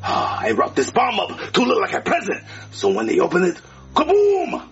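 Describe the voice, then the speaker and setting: A man voicing a boastful male monkey villain who cackles and shouts taunts in a gravelly voice. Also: sits high, huge pitch swings, moderate pace, muffled recording, soft background music, exaggerated voice. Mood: scheming.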